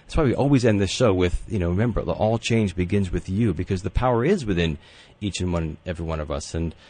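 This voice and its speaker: A man hosts a talk radio show from a studio, his voice sitting very low. He speaks earnestly and rambles, leaning on many fillers as he talks. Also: fast talker, darkish tone.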